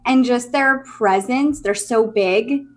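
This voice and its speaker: A woman's voice: a little high, slow. A woman co-hosting a podcast interview, responsive with playful asides. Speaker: podcast co-host. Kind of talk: casual interview chat.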